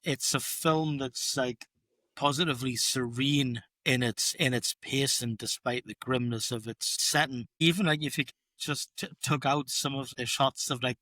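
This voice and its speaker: A man co-hosting a casual film podcast, animated and playful. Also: mid-range voice, no echo. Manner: animated, playful, does silly voices. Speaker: podcast co-host.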